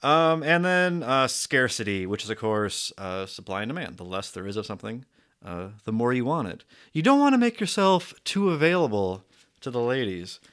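A man's voice: medium pitch, sing-song, normal speed. Rambling, crude man with muttered asides. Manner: swings between loud bursts and muttered asides. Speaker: show host. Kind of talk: casual comedic book rundown.

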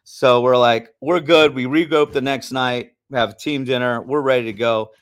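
A man co-hosting a podcast, telling a long story in a heated, animated way and swearing often. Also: mid-range voice, moderate pace, clear, resonant tone. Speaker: podcast co-host. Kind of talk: casual storytelling.

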